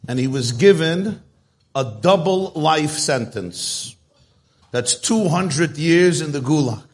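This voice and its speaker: A man giving a storytelling talk to a live audience, chatty and joke-telling, speaking straight to his listeners. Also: a little high.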